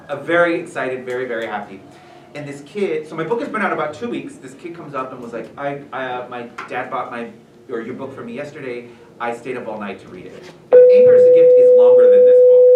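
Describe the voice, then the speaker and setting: A man telling stories casually to a school audience as a visiting author, animated and self-deprecating with many fillers. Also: medium pitch, narrow, tinny audio. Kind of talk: casual storytelling talk to students. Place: school room. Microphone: far room mic. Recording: echoey room from far off, noisy.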